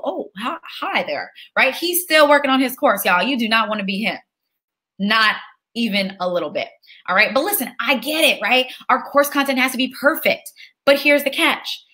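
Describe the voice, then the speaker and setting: A woman with a high-pitched, bright voice teaches a live online webinar. She talks with a preacher's call-and-response energy and keeps the audience engaged by reading their names aloud. The delivery is chatty and upbeat. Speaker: online course instructor.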